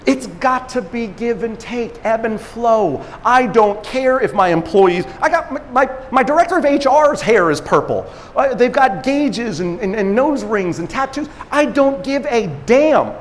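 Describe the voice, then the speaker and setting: A man giving an energetic motivational talk at a conference, acting out quotes and laughing at himself as he tells stories. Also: very high-pitched, unhurried, hardly any pauses, big-room sound, a little hiss or hum. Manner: animated storyteller, acts out quotes, laughs at himself. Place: conference stage in a large hall.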